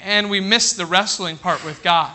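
A high-voiced preacher addresses his congregation with a very bright, forceful, steady tone. He checks in with the room again and again, asking if they're ready, then drops to a slower, quieter delivery for scripture readings.

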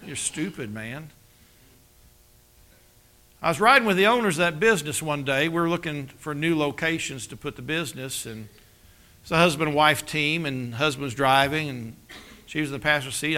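Preacher guy telling his testimony, kinda high gravelly voice, acts out the dialogue. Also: a little fast. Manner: storytelling, acts out dialogue with dramatic drops to a hush. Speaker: pastor. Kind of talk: sermon with personal testimony.

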